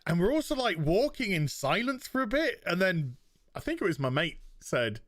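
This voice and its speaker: A man co-hosting a casual podcast chat, telling an animated, profane story full of restarts. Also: high voice, moderate pace, no echo, clean studio sound. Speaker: podcast co-host.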